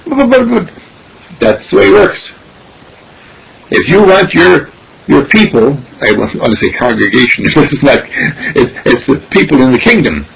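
A man giving an animated spiritual teaching, repeating phrases and acting out dialogues. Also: on the high side, moderate pace, gravelly, long pauses, slight background noise, rough recording. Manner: animated, repetitive, acts out dialogue.

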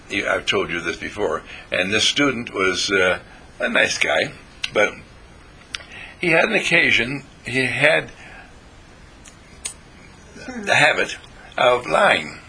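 A man's voice: on the low side, creaky, pushed and bright, husky. An older man giving a folksy, meandering spiritual talk to a small group, playful and chatty.

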